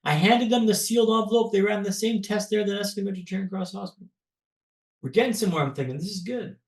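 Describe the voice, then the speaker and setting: A man from Canada, a podcast guest, telling a personal story in a dramatic, paced way with pauses. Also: sits high, reverberant.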